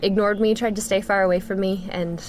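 A woman speaking as an interview guest, telling a personal story earnestly with frequent pauses and restarts. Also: mid-range voice, steady tone, slight background noise. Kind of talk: conversational storytelling.

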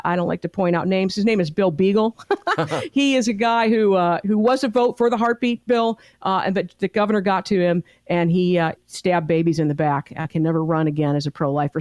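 Middle-aged woman activist guest: fervent, emphatic storyteller with an average pitch, recorded dry. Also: no echo. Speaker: pro-life activist guest. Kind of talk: interview storytelling.

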